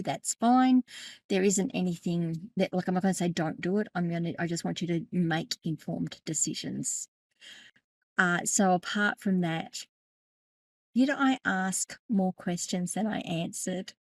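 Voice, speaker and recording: Middle-aged aussie woman doing a settings tutorial, gravelly voice, dry close sound, chatty and self-correcting. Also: lowish voice, dry recording. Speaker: tech educator and podcast host. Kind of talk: screen-share tutorial.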